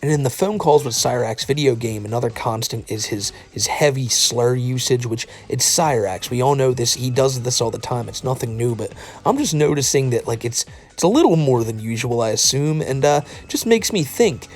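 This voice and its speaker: A man's voice: mid-range voice, moderate pace, few pauses. A man giving casual commentary on a clip, mocking and profane, often laughing. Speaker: commentary YouTuber.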